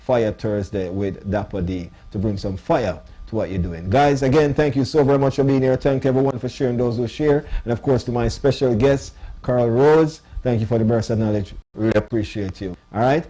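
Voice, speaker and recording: Male radio host, mellow mid-range voice, upbeat sign-off patter. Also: medium pitch, normal speed. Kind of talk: live radio show wrap-up.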